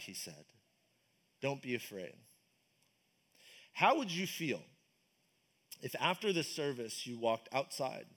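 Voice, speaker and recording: A man preaching a casual, enthusiastic sermon at a church service, asking the congregation questions. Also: mid-range voice. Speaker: pastor. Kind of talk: conversational sermon.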